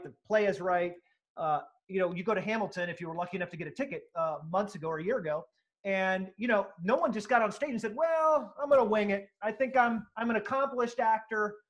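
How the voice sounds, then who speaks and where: A man with a fairly high speaking voice talks through an interview answer at full energy. He is emphatic and animated, acting out quotes in other voices as he explains a sales method. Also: lo-fi sound. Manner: animated, emphatic, acts out quotes, occasional profanity. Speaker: sales speaker and author, guest.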